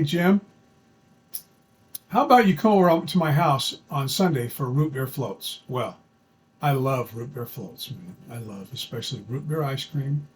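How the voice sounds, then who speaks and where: A man's voice: mid-range voice, a little hiss or hum, poor audio. A man telling a true story from his own life in a chatty, folksy way, with plenty of fillers and restarts. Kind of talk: casual personal storytelling.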